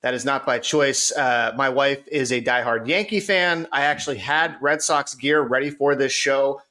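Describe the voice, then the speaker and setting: Bright-voiced chatty podcast host man. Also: medium pitch, normal speed. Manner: chatty, reads sponsor spots, frequent fillers. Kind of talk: casual sports podcast chat. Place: studio.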